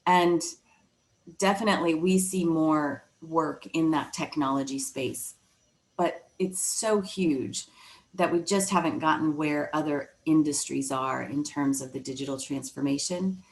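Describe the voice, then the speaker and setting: Low, gravelly woman giving a webinar talk. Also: a little slow, rough recording. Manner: conversational, frequent um fillers and restarts. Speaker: webinar speaker on leadership. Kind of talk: presentation talk.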